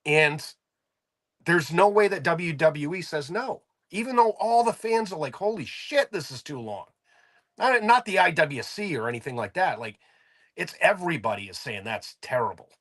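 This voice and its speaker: A man's voice: a little high, lively intonation, normal speed, fairly bright tone. A man co-hosting a casual podcast chat, laid-back and profane as he rants. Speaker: podcast co-host.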